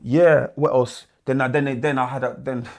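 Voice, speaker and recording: A man's voice: moderate pace, gravelly. A man with a London accent telling stories from his past in a casual interview, using street slang and acting out other people's voices. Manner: animated, mimics voices in his anecdotes with big pitch jumps. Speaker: guest musician. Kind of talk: casual storytelling.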